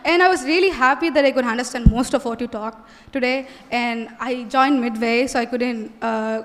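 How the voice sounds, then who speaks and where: A woman's voice: fairly high pitch, normal speed. A young woman student giving eager spoken feedback, mixing in French phrases. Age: young adult. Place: college hall. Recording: hall reverb.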